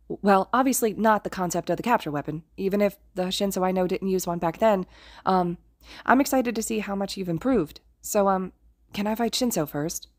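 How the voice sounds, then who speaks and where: A woman voicing a nervous, eager teenage boy hero who stammers and gushes in a quick, excitable voice. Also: mid-range voice, no room sound, clean studio sound, close to an everyday voice.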